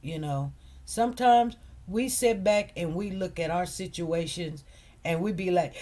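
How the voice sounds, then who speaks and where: A woman talks slowly to her viewers, lingering on her words and repeating lines for emphasis. She speaks in in a casual storytelling style. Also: on the low side, mellow. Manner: emphatic, repeats phrases, addresses viewers as "you guys". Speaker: commentary channel host.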